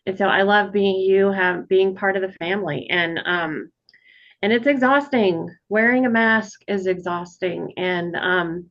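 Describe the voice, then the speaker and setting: A woman thanking friends at her book launch on a video call, speaking in a halting way with many fillers. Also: mid-range voice, lo-fi sound. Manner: warm, halting, lots of ums. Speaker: author being celebrated.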